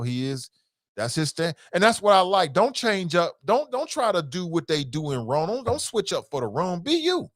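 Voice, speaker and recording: A middle-aged man hosting a talk show, reading viewer comments and answering them in an animated, emphatic way. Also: fairly high pitch, dry recording, clean studio sound. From United States. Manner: animated, emphatic, drawn-out repetitions. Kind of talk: casual live-stream talk.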